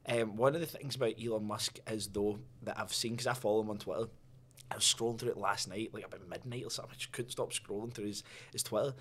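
A man co-hosting a podcast in casual chat, a lively storyteller who swears freely. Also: lowish voice, fast talker, husky. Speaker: podcast co-host.

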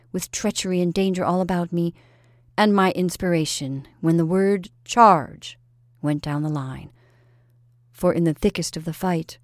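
A woman's voice: fairly low pitch, darkish tone, no room sound, clean studio sound, close to an everyday voice. A woman voicing a young male soldier who is proud and teasing, speaking boastfully and earnestly to his sweetheart.

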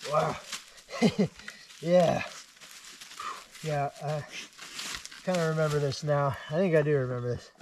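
High-voiced man praising his dogs outdoors. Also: unhurried, long pauses, background noise. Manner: excited praise, laughing, chatty. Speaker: vlogger shed hunting with dogs. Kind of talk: casual outdoor vlog talk to dogs. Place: woods outdoors.

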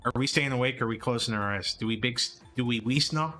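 A man's voice: mid-range voice, quick pace, pushed and bright, soft background music. A man streaming a game, chatting casually and joking with a co-host, laughing often and using playful slang.

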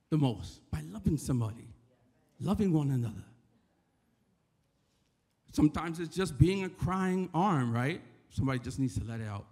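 This informal sermon comes from a Bronx-born churchgoer with a New York accent and a somewhat high, slightly mellow voice. Conversational throughout, he keeps checking in with the crowd by asking "right?" as the hall echoes around him.

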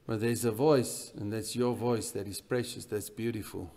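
A man preaching a sermon in a church, swinging between loud emphatic bursts and quiet, intense passages. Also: fairly low pitch, steady tone, normal speed. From South Africa. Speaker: pastor.

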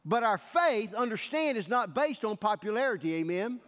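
Animated male pastor preaching in an echoing church. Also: sits high, normal speed. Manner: animated storytelling, acting out the scenes. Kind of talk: sermon. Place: church sanctuary. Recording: echoey church hall.

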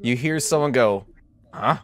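A man's voice: medium pitch, animated, a little slow, slight background noise. Casual man running a tabletop game. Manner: casual, laughs often, loose narration. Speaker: game master.

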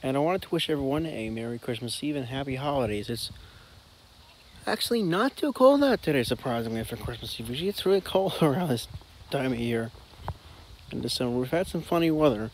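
A man vlogging outdoors on a farm with his dog, chatting casually and talking to the dog in a high sing-song voice. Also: expressive, fairly quick, a little hiss or hum. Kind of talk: casual vlog narration. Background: faint outdoor ambience.

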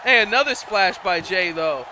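A man commenting on a wrestling video game match in lively play-by-play, with frequent exclamations and a put-on accent. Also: high voice, normal speed, a crowd in the background, noisy background. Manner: exclaims often, putting on a mock accent.

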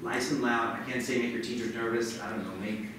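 A man's voice: medium pitch, fairly even intonation, fairly quick, noisy background. A man giving a passionate motivational talk as a visiting author, urging the audience to join a chant. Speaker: author speaking at a school event. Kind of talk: motivational speech. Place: large lecture hall. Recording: echoey hall from far off.

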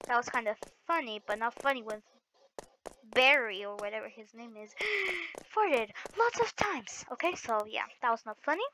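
Excitable high-voiced woman gaming. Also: measured pace, a little hiss or hum. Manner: excitable, shrieks and chatters to viewers. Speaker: gaming channel host. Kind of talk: let's-play commentary. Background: game music.

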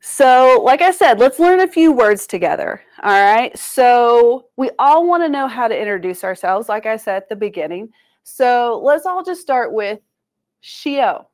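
A woman, an educator giving a language lesson to schoolchildren, encouraging them and slowly sounding out words for them to repeat. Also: fairly high pitch, very animated. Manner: encouraging, call-and-response, slows to sound out syllables. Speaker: Cherokee language and culture educator. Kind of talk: teaching a children's language lesson. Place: museum presentation room.

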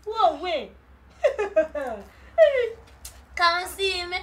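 A woman's voice: very high-pitched, very animated, fairly bright tone. A woman with a Ugandan English accent playing an indignant bar owner in a comedy sketch, ranting sarcastically at a customer. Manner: indignant, sarcastic, mocking, fast rant.

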